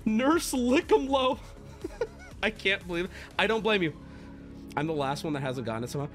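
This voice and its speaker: Lively high-voiced male streamer. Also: fast talker, soft background music. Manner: animated storytelling, swearing and teasing chat. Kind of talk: casual live-stream chat.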